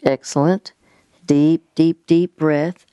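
A woman hosting a Christian call-in counseling show, gently coaching a caller and guiding her through slow deep breaths, with many halting restarts. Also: fairly even intonation, clean tone, dry recording. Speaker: radio counseling host.

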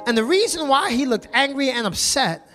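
A man's voice: very high voice, lively intonation, normal speed, music in the background. A male pastor telling a story in a sermon, constantly calling out to the congregation for a response. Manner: call-and-response, repeatedly asks the congregation "y'all".

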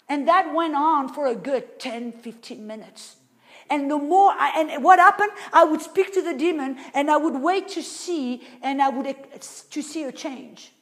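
Woman preacher with a high voice, emphatic sermon, dropping from loud to soft. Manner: emphatic, asks the audience rhetorical questions; swings between loud and very soft.

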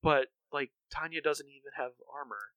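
A man's voice: on the high side, moderate pace, fairly bright tone, clear, resonant tone, no room sound. A man co-hosting a podcast, recapping a cartoon episode in a rambling, casual way with many fillers and restarts. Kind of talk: casual chat.

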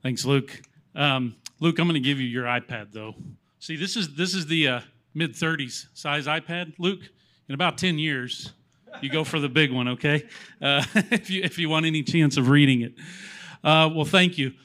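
A man's voice: on the high side, moderate pace, bright, forceful tone. A man in his forties giving a personal testimony from a church stage on a handheld mic, rambling and self-deprecating, getting choked up as he talks. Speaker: church member sharing testimony. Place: church platform, in front of congregation.

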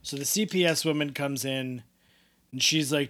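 A man co-hosting a podcast, chatting casually and jokily about a TV episode. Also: on the high side. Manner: animated, jokey, quick asides. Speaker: podcast co-host. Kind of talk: casual recap chat.

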